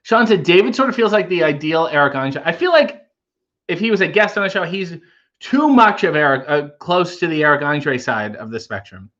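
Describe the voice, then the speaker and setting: A man's voice: a little high, lively intonation, normal speed, a bit bright, dull audio. A man hosting a casual livestream, reading viewer comments aloud and riffing on them with wry humor. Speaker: livestream host reading chat.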